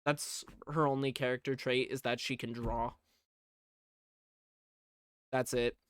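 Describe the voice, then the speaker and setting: A man's voice: medium pitch, fairly even intonation, slow, fairly bright tone, clean tone, no echo, studio quality. A man recapping a movie in a casual, rambling way, sarcastic and swearing freely. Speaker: movie reviewer.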